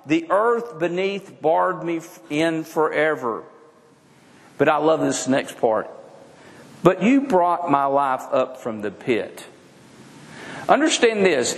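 A pastor preaching a sermon, drawing out his phrases and swinging between soft and emphatic. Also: on the high side, expressive, slow. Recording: long reverb of a large hall.

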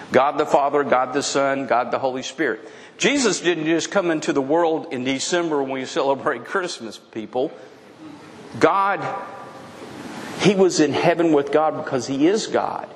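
A male pastor delivering a sermon, pressing his points by repeating words and circling back mid-sentence. His voice sits on the higher side for a man. A long reverb from the sanctuary trails each phrase. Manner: emphatic, repeats key phrases, frequent restarts. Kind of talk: expository sermon.

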